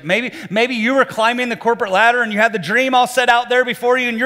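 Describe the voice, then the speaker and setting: A male lead pastor with a high, bright voice and a light Southern American accent moves between easy chat and emphatic preaching. His words ring out with the long reverb of a large church hall. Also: steady tone, fairly quick, hardly any pauses. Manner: conversational, rising to emphatic preaching. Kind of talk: sermon.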